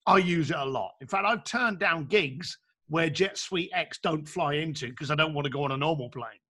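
A man's voice: a little high, normal speed. A man, a coach, talking casually and emphatically, acting out little dialogues as he makes his points. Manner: animated, emphatic, acts out dialogues. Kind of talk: casual chat.

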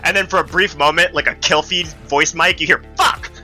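Bright-voiced man running a tabletop game. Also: on the high side, fairly even intonation, fairly quick, faint music behind. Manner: loose, filler-heavy narration, swears casually. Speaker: game master.

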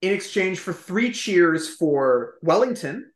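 A man speaking as a historian guest on a podcast, explaining at length in a chatty, emphatic way with quick asides. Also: high-pitched, lively intonation, echoey room. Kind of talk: conversational podcast interview.

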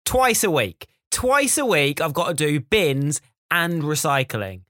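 A man's voice: a little high, big pitch swings, slow pace, a bit bright, no echo, clean studio sound. A man co-hosting a podcast, ranting in an exasperated, grumbling way. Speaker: podcast co-host. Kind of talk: casual chat.

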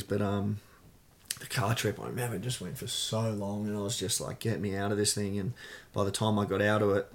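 A young Australian man telling a story in a casual interview, rambling with many fillers. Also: fairly low pitch. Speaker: guest.

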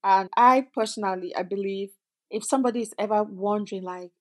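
A middle-aged woman from Cameroon sits as a guest and tells her story with animated, acted-out voices. Her pitch sits in the middle range. She talks in an earnest, expressive way. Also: a little fast. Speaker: guest, food company founder. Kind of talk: interview storytelling.

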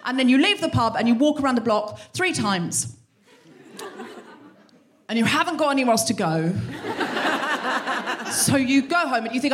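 A woman's voice: high-pitched, very animated, moderate pace, pauses often, noisy background. A woman hosting a live comedy podcast on stage, talking straight to the crowd, swearing a lot and acting out both sides of a row herself. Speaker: podcast host. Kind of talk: live stand-up monologue. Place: concert hall in front of a live audience.

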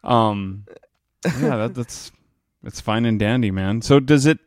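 An American man hosts a casual podcast chat with a smooth, resonant voice. The sound is dry and close, with no room around it. He talks in an easygoing way and often stumbles and restarts his phrases. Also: medium pitch, takes it slowly, no echo. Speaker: podcast host.

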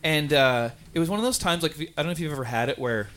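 Bright-toned man hosting a chatty podcast. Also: a little high, rapid-fire, a little hiss or hum. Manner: relaxed storyteller, laughs along. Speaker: podcast host. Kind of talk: casual podcast chat.

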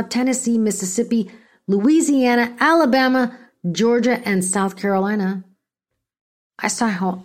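Blunt, profane middle-aged woman podcaster. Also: on the high side. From California. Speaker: podcast host. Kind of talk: casual political commentary.

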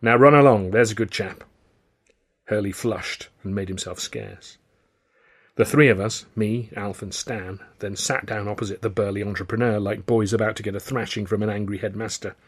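A man's voice: lowish voice, level tone, normal speed, slightly rough. A man reading his own novel aloud as first-person narrator, in a wry storytelling manner. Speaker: author and narrator.

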